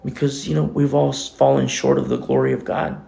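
A man's voice: mid-range voice, little pitch movement, fairly quick, gravelly, warm tone. A man preaching a sermon as co-pastor, talking in a conversational way with many asides.

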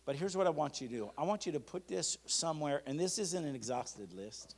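A pastor preaching a sermon, leading the congregation in call-and-response and reading declarations slowly and emphatically. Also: male voice, a little high, expressive.

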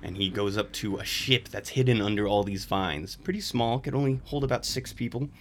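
A man's voice: on the low side, a little fast, fairly bright tone, a little hiss or hum. A man narrating a tabletop game as game master, casual and laughing at times.

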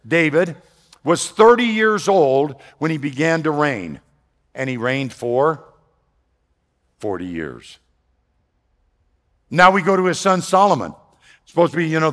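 A man preaching a sermon to his congregation, moving between loud emphatic lines and quiet, lower asides. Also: long reverb tail. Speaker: pastor. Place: church sanctuary.

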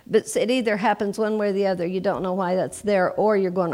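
A woman's voice: mid-range voice, fairly even intonation, fast, few pauses, darkish tone. A woman in her sixties preaching as a guest, talking to the congregation in a conversational way and breaking off for asides. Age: 60s. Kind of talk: sermon.

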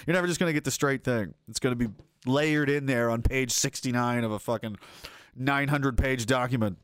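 A man's voice: mid-range voice, fast, clean tone, no echo. A man hosting a livestream, reading chat comments and ranting casually in a profane, sarcastic way. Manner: profane, sarcastic, animated, slips into mocking voices.

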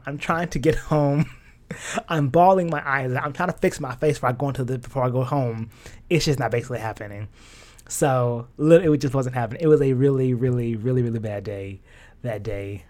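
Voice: medium pitch, brisk, darkish tone. A young adult fashion stylist telling a personal story in a casual, emotional way, with slang and lots of fillers.

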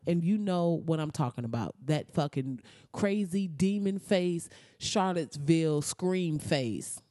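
A woman hosting comedic news commentary, blunt and animated, swearing freely and breaking into loud, high outbursts. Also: a little slow, no echo, studio quality. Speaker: commentary host.

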